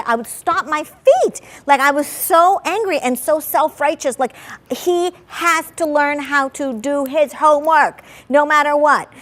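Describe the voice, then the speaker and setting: A woman therapist speaks frankly about raising her son, her voice sitting a little high. She talks in an animated way, peppering her speech with "like" and playing up her old temper. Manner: animated, fillers of "like", dramatizes her own anger. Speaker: family therapist. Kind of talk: candid talk on parenting.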